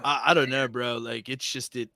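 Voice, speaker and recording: Bright-voiced blunt podcast co-host man. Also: mid-range voice, little pitch movement, moderate pace, gravelly, no echo, studio quality. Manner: blunt, profane, stammering restarts. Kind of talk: casual chat.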